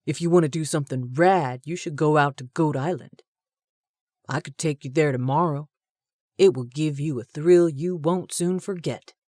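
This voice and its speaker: A woman's voice: low voice, moderate pace, warm tone, no echo, studio quality. Woman reading as a cocky young male show-off. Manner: brash, boastful.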